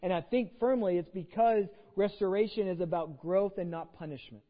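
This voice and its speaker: A high-pitched man from Texas preaches a conversational sermon, asking rhetorical questions and repeating words as he goes. His voice rings with the long reverb of a church sanctuary. The audio sounds dull and muffled. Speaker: pastor.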